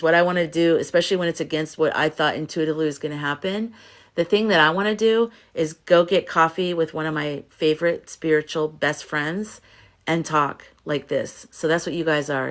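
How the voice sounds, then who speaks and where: Tired female livestream host, soft, reassuring, rambling chat with viewers. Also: on the low side. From United States. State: tired from little sleep. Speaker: livestream host, spiritual reader. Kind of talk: casual livestream chat, reading comments.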